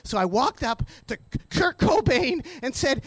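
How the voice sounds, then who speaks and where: A man with a high, wildly animated voice tells a radio anecdote, stammering in his excitement and acting out every person in the story. The sound is close and dry, with no room around it. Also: moderate pace, hardly any pauses, no echo. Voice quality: high, lively, animated voice that jumps in pitch. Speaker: radio host telling an anecdote. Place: radio studio.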